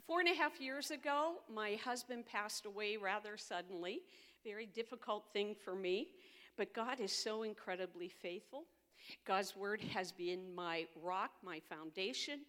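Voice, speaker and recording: A woman's voice: medium pitch, a bit bright. An older woman, a girls' ministry leader and grandmother, giving an earnest, heartfelt personal testimony as a storyteller. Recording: long hall reverb.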